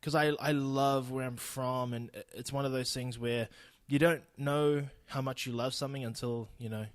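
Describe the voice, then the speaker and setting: On his solo podcast, a young man with a New Zealand accent talks casually and bluntly, laughing and cursing freely. His voice is medium-pitched with fairly even intonation at normal speed, and there's no echo.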